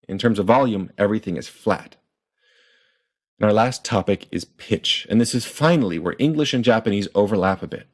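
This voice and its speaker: A man explaining pronunciation in a clear, methodical lesson and sounding out example words. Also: on the low side, fairly quick. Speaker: language teacher.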